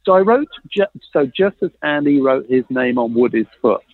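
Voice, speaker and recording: A man's voice: medium pitch, normal speed, dry recording. A man telling a long story in a chat, acting out the dialogue he quotes. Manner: lively, acts out quoted dialogue, laughs often. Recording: tinny phone-like line, dry.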